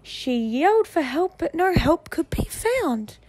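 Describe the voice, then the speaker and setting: A woman reading a picture book aloud, with expressive storytelling. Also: very high voice, a little slow. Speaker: narrator.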